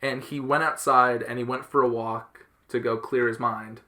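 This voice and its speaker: A young man casually recaps a comic book story for his podcast co-hosts. His voice is bright and forward, and his delivery rambles loosely with frequent fillers. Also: mid-range voice, steady tone, moderate pace. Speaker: podcast host. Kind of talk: casual chat.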